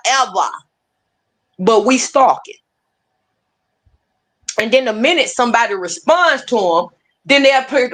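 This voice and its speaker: A woman hosting a livestream, ranting heatedly and swearing freely at online rivals. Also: on the high side. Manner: heated, profane, animated. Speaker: streamer host. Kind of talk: profane ranting livestream talk.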